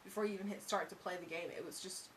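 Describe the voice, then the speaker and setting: A woman's voice: on the low side, steady tone, racing, a little hiss or hum. A woman co-hosting a casual video game review, chatty and often trailing off mid-sentence. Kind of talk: casual chat.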